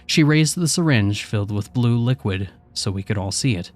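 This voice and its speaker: Faint music runs in the background as a lowish-voiced man reads a scripted horror tale, keeping his delivery even and controlled.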